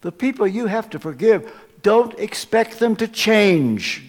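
A man preaching a sermon at a live church service, emphatic, swinging from loud stresses to hushed asides. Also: high voice, expressive, unhurried. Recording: long reverb of a large church.

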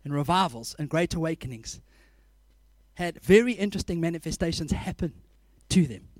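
A man preaching a sermon, telling animated stories, laughing often and acting out scenes. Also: a little high, normal speed, dry recording.

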